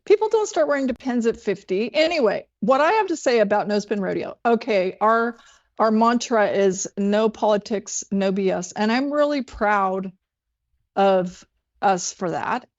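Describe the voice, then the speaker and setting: A woman's voice: medium pitch, animated, normal speed. Dry, teasing woman co-host, lo-fi. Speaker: podcast co-host and rodeo journalist. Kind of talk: casual chat. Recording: dull lo-fi sound.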